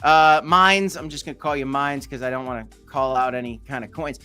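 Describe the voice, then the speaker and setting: A man's voice: mid-range voice, fairly even intonation, fairly quick, bright, forceful tone, clean tone, faint music behind. A man hosting a casual crypto livestream, reading and answering viewer chat in a loose, joking way.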